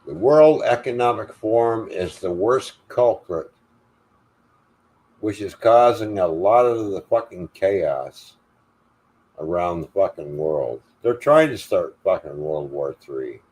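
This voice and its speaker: A man's voice: deep voice, lively intonation, takes it slowly, darkish tone. An older man hosting a livestream, delivering an angry, profane, defiant rant. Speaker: livestream host.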